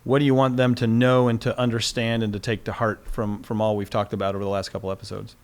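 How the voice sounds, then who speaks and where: A man hosting a podcast interview who encourages his guest with quick agreeing replies. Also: lowish voice, level tone, a little mellow. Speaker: podcast host.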